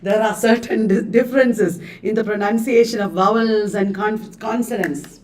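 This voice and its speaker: With a mid-range, slightly mellow voice and a moderate pace, a woman teacher reads out exam quiz questions and options, repeating questions and answers in a chatty way. Her audio has a little hiss or hum, plus room echo from a distant mic.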